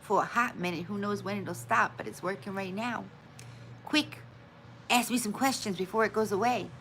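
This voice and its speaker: A woman's voice: medium pitch, normal speed, a bit bright, a little hiss or hum, poor audio. A woman hosting a casual live stream, chatting with viewers and greeting them by name, often laughing at her own forgetfulness. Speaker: livestream host.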